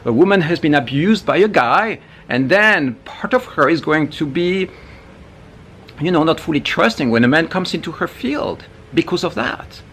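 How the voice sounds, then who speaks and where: A man talking casually to camera as a spiritual teacher, animated, with frequent asides and restarts. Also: fairly high pitch, normal speed, slight background noise.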